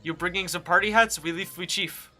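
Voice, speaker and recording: A rioting talking cabbage, as a man puts it on, chanting its demands in broken grammar. The voice is bright and a little raised, with faint game music behind it. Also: sits high, steady tone, a little fast. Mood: eager.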